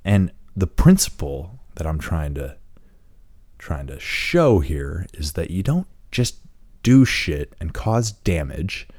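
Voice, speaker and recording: A man's voice: deep voice, sing-song, slow pace, a little mellow, dry recording. A man hosting a podcast, telling a long story in a laid-back, rambling way and swearing often, speaking close to the mic. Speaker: podcast host. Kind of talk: casual storytelling monologue. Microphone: close microphone.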